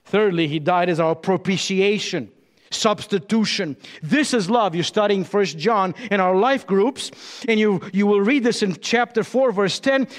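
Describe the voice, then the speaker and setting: A man preaching a sermon as pastor, with dramatic pauses and emphatic rises and drops. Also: high-pitched, lively intonation, long reverb tail.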